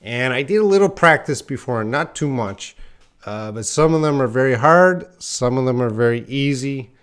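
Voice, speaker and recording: A man's voice: mid-range voice, lively intonation, moderate pace, fairly bright tone, clean tone. A man teaching English in a live online lesson, casual and self-deprecating, reacting to viewers by name as he tries tongue twisters.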